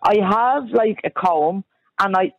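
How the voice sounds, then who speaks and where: A woman speaking as a radio panelist, animated and insistent as she defends her view. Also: medium pitch, measured pace, no echo, dull audio. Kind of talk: talk radio discussion.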